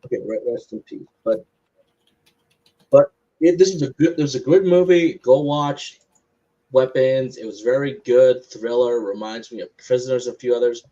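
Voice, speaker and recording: Casting: male co-host, mid pitch, emphatic and opinionated, slightly muffled lo-fi sound. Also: moderate pace, mellow. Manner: opinionated, emphatic film takes. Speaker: podcast co-host. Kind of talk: casual chat. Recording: slightly dull lo-fi audio.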